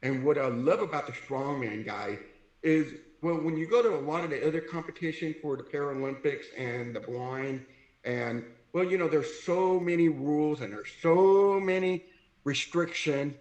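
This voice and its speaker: A middle-aged man from California telling his life story in a lively way, acting out the voices of people he quotes. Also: a little high, moderate pace. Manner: animated, acts out quoted voices. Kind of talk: personal storytelling. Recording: echoey room.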